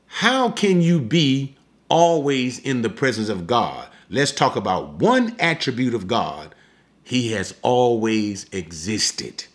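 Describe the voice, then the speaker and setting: A male preacher teaching from scripture in an unhurried, deliberate way. His pitch swings widely as he leans into key words, pausing to explain them. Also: big pitch swings. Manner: emphatic, slows down to explain.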